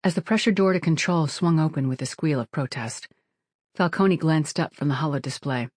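Steady audiobook narrator, dry close sound. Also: mid-range voice, normal speed, slightly rough, no echo. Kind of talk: scripted narration.

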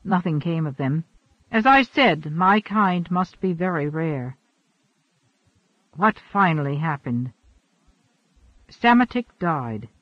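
Ageless immortal man, earnest and formal, high-voiced, read by a male narrator, dry dull recording. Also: expressive, slow pace, long pauses, no room sound.

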